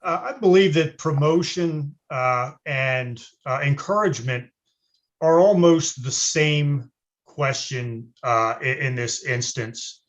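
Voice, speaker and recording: Hesitant candidate, dull video call sound. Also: male voice, medium pitch. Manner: measured, hesitant with frequent uhs. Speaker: city council candidate. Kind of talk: forum answer over video call.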